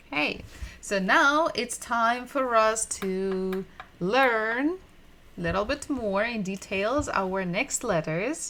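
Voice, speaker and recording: A woman giving a livestreamed language lesson, patiently repeating sounds and words slowly so learners can drill them. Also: medium pitch, fairly bright tone. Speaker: Russian language teacher.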